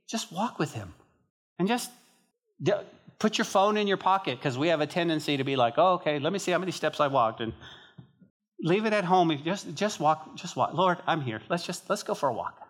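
A pastor from northern New Mexico preaching a sermon to his church in an animated, emphatic, conversational way. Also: a little high.

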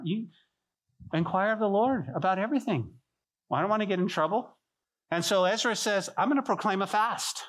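A man preaching a sermon as pastor, telling stories with lively acted-out voices and dropping to a soft hush on key points. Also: high-pitched, a little fast. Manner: animated storytelling, acting out biblical figures in voices; drops to soft, quiet delivery on key points.

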